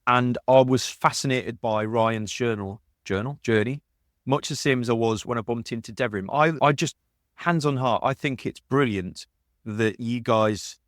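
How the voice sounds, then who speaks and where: A man's voice: mid-range voice, normal speed, dry recording, studio quality. A man hosting a podcast, chatting casually and rambling with restarts. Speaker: podcast host.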